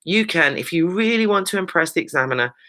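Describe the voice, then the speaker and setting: Her voice is bright and sharp-edged yet fairly low-pitched and expressive as this woman, a secondary school English teacher, leads a revision lesson. Brisk and emphatic, she keeps asking "right?" and slips in teasing, playful remarks.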